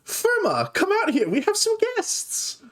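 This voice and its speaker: A chirpy young dwarf girl from a tabletop game, as a male game master puts her on, eager and bubbly. She rattles off her shop pitch in a high voice that leaps up and down. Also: wildly swooping pitch, fairly bright tone, exaggerated voice. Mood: eager, friendly. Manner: bubbly, quick sales patter.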